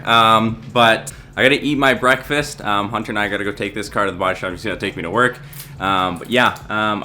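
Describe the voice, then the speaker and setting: A man's voice: on the high side, sharp tone. Hyped young man swearing on a car vlog. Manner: hyped, swearing a lot, rambling. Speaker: car vlogger. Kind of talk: excited casual vlog.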